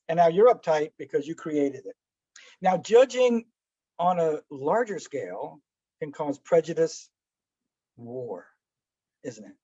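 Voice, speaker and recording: Teaching breathing and meditation in a casual, spoken way, this man has a slightly high, mellow voice with a breathy edge. He asks rhetorical questions and plays out small anecdotes using little voices, captured in a dull, dry, lo-fi recording with no echo.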